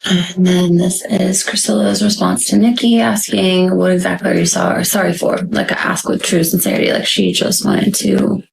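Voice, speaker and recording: A woman's voice: on the low side, level tone, normal speed, vocal fry, hardly any pauses, background noise. A woman guest on a live stream reading out screenshots, with many "like" and "um" fillers. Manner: reads messages aloud with frequent "like" and "um" asides. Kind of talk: casual live-stream talk.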